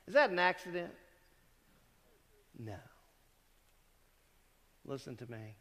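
A man preaches to his church in an easy, conversational way, asking his listeners questions as he goes. His voice sits a little high for a man. The sound carries a long reverb from the sanctuary. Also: big pitch swings, measured pace, pauses often, fairly bright tone. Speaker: pastor. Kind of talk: sermon.

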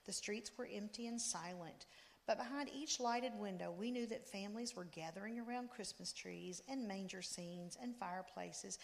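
A woman reading a story aloud with expressive storytelling. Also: mid-range voice, moderate pace, vocal fry. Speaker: story reader. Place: church. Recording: long reverb in a church.

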